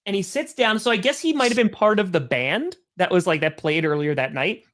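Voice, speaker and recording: A man's voice: high voice, brisk. A man hosting a live stream, calling plays and telling a rambling story in a chatty, casual way. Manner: animated, chatty storyteller with many "like"s. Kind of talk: casual live game commentary mixed with storytelling.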